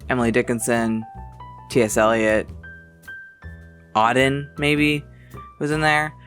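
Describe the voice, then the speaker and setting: A man's voice: medium pitch, takes it slowly, a bit bright, faint music behind. An American man giving a casual, self-deprecating tour of his home library, reading titles aloud. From United States. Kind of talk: casual chat.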